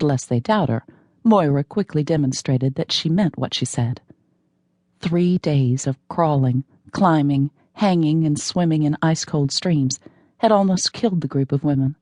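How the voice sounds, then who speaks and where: A woman narrates a novel in a wry, measured way. Her voice is low, and the close studio microphone makes it sound dry, with no room around it. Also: warm tone, dry recording. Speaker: audiobook narrator. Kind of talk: scripted narration.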